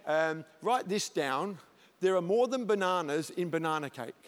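A middle-aged man preaching a sermon from a church stage, an animated storyteller who jokes and punches his comic lines loudly. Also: high-pitched, moderate pace. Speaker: pastor.

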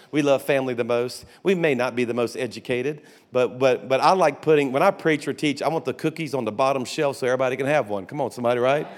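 A man pastor, telling folksy stories in a sermon full of restarts and asides. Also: medium pitch. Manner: folksy storytelling with restarts and laughter. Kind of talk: conference sermon. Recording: long hall reverb.

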